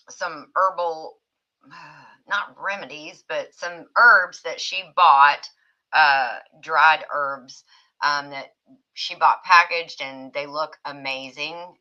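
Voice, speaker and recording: A woman's voice: deep voice, sharp tone, dull audio. A woman hosting a casual livestream chat, reading viewer comments aloud and laughing often. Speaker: livestream host.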